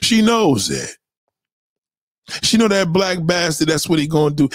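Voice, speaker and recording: Profane, animated man ranting on a stream. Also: a little high, a little slow, pauses often, no room sound. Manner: repeats points for emphasis. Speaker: livestream host reacting to chat. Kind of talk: unscripted livestream commentary.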